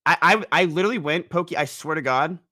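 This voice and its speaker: A young man in casual chat, telling a long story in a rambling, animated way. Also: on the high side, fast talker. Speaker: guest storyteller.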